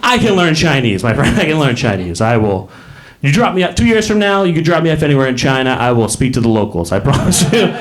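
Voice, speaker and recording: A man's voice: mid-range voice, very animated, fast. A man in his late thirties doing a stand-up comedy set in a club, rambling and self-mocking, bursting into acted voices. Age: late 30s.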